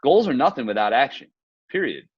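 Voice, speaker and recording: A man hosting a relaxed conversation, earnest and reflective, slipping into little stories. His voice sits at an ordinary pitch. The sound is dry and a bit dull, like a lo-fi home setup. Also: fairly quick, slightly rough, dry recording. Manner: earnest, reflective, storytelling with quoted asides. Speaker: podcast host. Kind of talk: casual video-call conversation.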